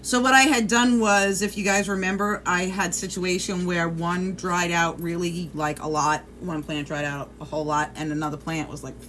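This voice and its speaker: A woman's voice: on the low side, little pitch movement, moderate pace, hardly any pauses, fairly bright tone, a little hiss or hum. A woman chatting casually on a livestream, swearing freely and greeting viewers by name. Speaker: vlogger.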